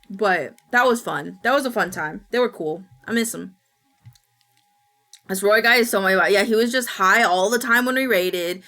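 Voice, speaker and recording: Bright-voiced woman streamer, chatty. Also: medium pitch, moderate pace. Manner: rambling, chatty storytelling with casual swearing. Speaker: Twitch streamer. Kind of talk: casual stream chat.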